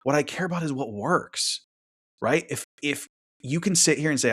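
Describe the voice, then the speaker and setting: A man's voice: normal speed, fairly bright tone. A man hosting a relationship podcast who talks through his point in a casual monologue, tags many sentences with "right?", and acts out other people's thoughts. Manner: conversational, keeps adding "right?"; acts out quoted thoughts in a higher voice.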